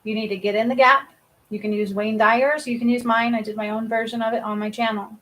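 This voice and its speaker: A woman's voice: fairly high pitch, steady tone, fairly quick, fairly bright tone, a little hiss or hum, rough recording. Emphatic woman giving a card reading. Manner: emphatic, keeps adding "okay?", swears casually. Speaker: spiritual reader and healer. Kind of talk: live-stream card reading.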